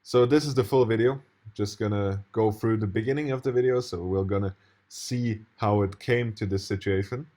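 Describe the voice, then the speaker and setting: A man's voice: lowish voice, moderate pace, mellow. A man commenting casually on a video he plays, indignant and rambling, swearing now and then. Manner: indignant, rambling, profane, with restarts and laughs.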